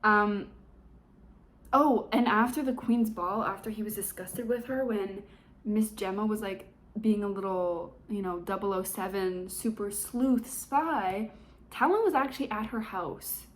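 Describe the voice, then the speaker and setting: A young woman talks through a book's plot in a loose, chatty recap. Her delivery is sarcastic and peppered with fillers, and her voice sits at a middling pitch. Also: a little slow. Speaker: book reviewer. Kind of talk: casual book recap vlog.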